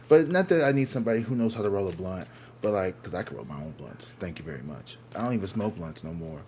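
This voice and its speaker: Fast-talking and lively in his intonation, a man with a low, mellow voice does an offhand tarot reading in his living room. He rambles, swears candidly, and puts on exaggerated mocking voices when quoting others, with a little hiss or hum audible.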